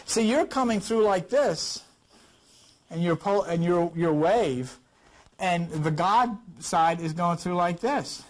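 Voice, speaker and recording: A man with a high voice leads an informal Bible study class at a slow pace. He is emphatic and full of rhetorical questions, and he coughs now and then.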